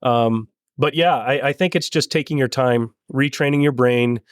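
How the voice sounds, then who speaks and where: Recorded dry, a middle-aged Californian who races land speed cars speaks in a mid-range voice. He shares stories during a relaxed interview, sincere and hesitant, with frequent restarts.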